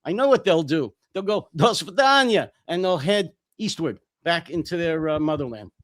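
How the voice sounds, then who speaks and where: A hoarse man in a heated political commentary, blunt and angry, swearing freely. His voice sits a little high for a man, and the sound is close and dry with no room around it. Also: lively intonation, moderate pace, no echo. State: voice worn out. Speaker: co-host.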